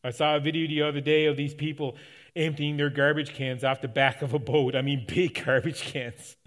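A man's voice: a little high, flat delivery, normal speed, fairly bright tone. A middle-aged man from Canada, a pastor preaching a sermon in a conversational, folksy storytelling way, often restarting his sentences. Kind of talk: sermon with personal stories.

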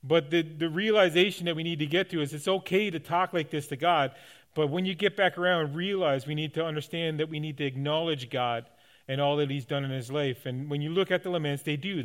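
A man's voice: on the high side, a bit bright, smooth. A man, the pastor of his church, preaching a conversational sermon to his congregation, with frequent restarts and light laughs. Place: church sanctuary.

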